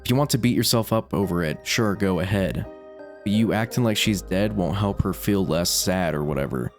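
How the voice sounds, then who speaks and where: A man's voice: sits low, normal speed, soft background music. A man reading the lines of a blunt, impatient teenage boy in a visual novel.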